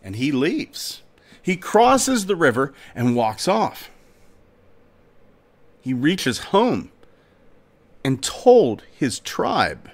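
A male podcast host narrates a folk tale with dramatic, expressive storytelling. His pitch moves in lively swoops while he keeps an unhurried, deliberate pace.

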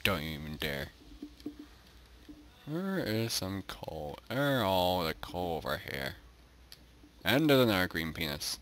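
A low-voiced man narrates his game casually, his pitch jumping around animatedly. He jokes and greets the animals he passes in a goofy way. A faint noise sits under the recording. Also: very animated, slow, pauses often, fairly bright tone. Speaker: gaming YouTuber. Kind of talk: casual let's-play commentary.

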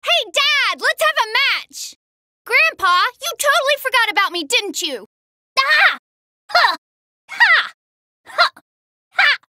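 A woman's voice: very animated, takes it slowly, long pauses, no room sound, heavily acted. Pan, a feisty girl fighter. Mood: battle shouts. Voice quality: high bright girlish voice. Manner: brash, boastful, yells battle cries. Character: spunky young girl fighter, feisty and cocky. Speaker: voice actor. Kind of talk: video game voice lines. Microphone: close studio mic.

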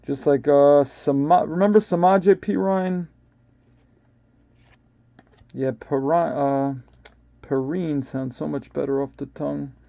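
New york guy doing a live card break, slow and gravelly, kinda dull lo-fi sound. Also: a little high, steady tone, warm tone, no room sound. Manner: casual, stumbles over player names.

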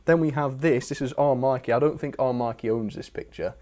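A young British man hosts a casual live stream, chatting with enthusiasm and self-deprecating asides as he reads out viewer requests and shows their pictures. His voice is warm and medium-pitched, and he talks fairly quickly.

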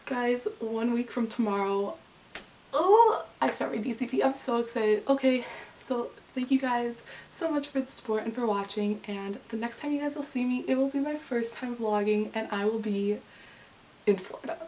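A woman's voice: fairly high pitch, moderate pace, darkish tone. A young woman vlogging casually, gushing and breathless, exclaiming again and again. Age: young adult. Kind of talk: casual vlog. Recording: slightly distant, faint hiss.

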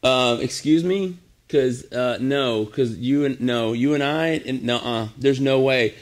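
A man voicing a bewildered young fiancé in a sermon retelling, halting and incredulous. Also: mid-range voice, lightly acted.

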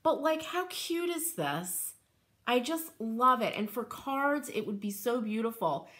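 A woman's voice: fairly high pitch, expressive, unhurried, fairly bright tone. A woman hosting a craft channel, chatting casually and gushing with enthusiasm while rambling through asides. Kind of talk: casual show-and-tell chat.

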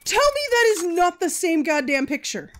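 A woman hosting a video game let's play, excitable and quick to yell and swear at the game. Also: very high voice, slight background noise. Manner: excitable, yelps and shouts at the game; swears freely.

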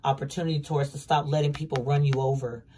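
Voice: mid-range voice, little pitch movement, fast, mellow, slight background noise. A tarot reader giving a casual, emphatic reading, repeating words for stress and swearing bluntly. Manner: emphatic, repetitive, blunt and profane.

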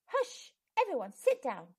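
A kind, calm teacher in a storybook read-aloud, a woman voicing her. Her voice rises brightly and lilts as she encourages the class. She keeps a gentle firmness. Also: high-pitched, normal speed, pitched above the performer's own voice. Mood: stern. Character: kind, calm female primary school teacher.

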